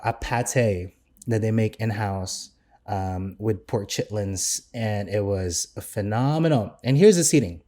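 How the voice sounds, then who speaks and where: A man's voice: mid-range voice, warm tone. A young man, a chef co-hosting a podcast, talking casually and enthusiastically with lots of fillers and restarts.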